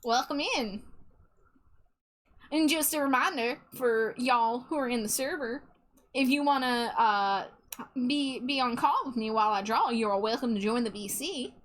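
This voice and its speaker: A woman's voice: fairly high pitch, moderate pace, fairly bright tone. A woman streamer chatting casually with her viewers, giggly and stammering a little. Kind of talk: casual live-stream chat.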